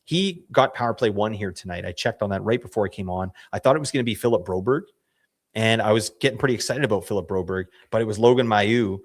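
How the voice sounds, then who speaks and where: A man hosting a fantasy hockey show, hoarse from losing his voice, chatting casually in a rambling, self-correcting way full of slang. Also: lowish voice, fast talker. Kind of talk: casual analysis chat.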